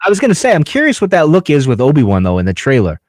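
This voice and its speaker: A man's voice: on the high side, wildly swooping pitch, racing, dry recording. Chatty podcast host man, dry close sound. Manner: chatty, rambling, lots of fillers and restarts. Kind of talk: casual chat.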